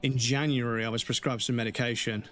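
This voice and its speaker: Casting: male streamer, mid pitch, rambling and fed up, faint game music underneath. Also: steady tone, fast talker, fairly bright tone. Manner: rambling, exasperated venting. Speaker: live streamer. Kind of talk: casual chat with stream viewers.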